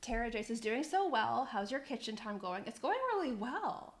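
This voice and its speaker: A woman's voice: fairly high pitch, very animated, moderate pace. A young woman in her twenties live-streaming from her kitchen, telling stories with lots of laughter and swearing. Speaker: cooking streamer. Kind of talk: casual live-stream chat. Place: home kitchen.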